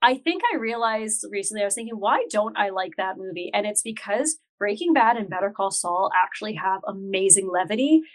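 A woman in casual podcast chat, opinionated and pausing with fillers. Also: mid-range voice, lively intonation. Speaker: podcast co-host.

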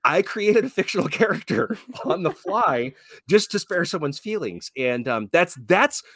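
A man's voice: high voice, very animated, measured pace, fairly bright tone, no echo. A man in his forties, a podcast guest, talking in a rambling, hesitant way with frequent laughs. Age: 40s. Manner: rambling, hesitant, many fillers and restarts, laughs a lot. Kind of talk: casual chat.

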